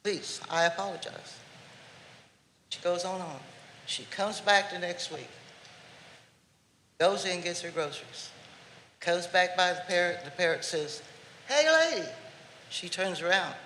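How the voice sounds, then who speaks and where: A woman's voice: lowish voice, steady tone, measured pace, long pauses, pushed and bright, slight background noise. A woman telling a folksy, playful story during public comment at a city council meeting, in an echoey chamber. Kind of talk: storytelling at a podium.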